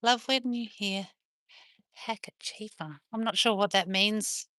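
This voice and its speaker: A woman's voice: medium pitch, a little slow, bright, forceful tone, no echo, clean studio sound. A woman with an Australian accent chatting casually on a live stream from her farm, talking to her viewers and calling to her dogs in turn. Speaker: livestreamer on a farm.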